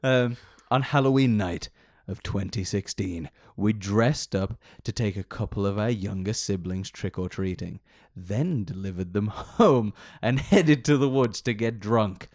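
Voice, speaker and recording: A man's voice: lowish voice, measured pace, hardly any pauses, darkish tone, dry recording, studio quality. A male podcast host reading a story aloud in a rambling, giggly way, often breaking into laughter. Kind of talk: casual comedic chat and story reading.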